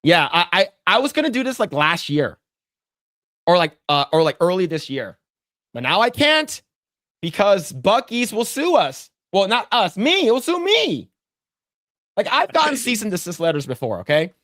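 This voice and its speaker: He speaks at a moderate pace in a high-pitched, bright and forceful voice with big pitch swings. Co-hosting a podcast while drawing on stream, he chats casually, rambles, repeats himself and swears freely when annoyed, in clean studio sound with no room sound.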